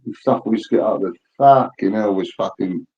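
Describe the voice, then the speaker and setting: A man's voice: fairly low pitch, a little fast, a little mellow, muffled recording. A man, telling rambling, profane stories in casual chat. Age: 50s. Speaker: birthday guest telling stories.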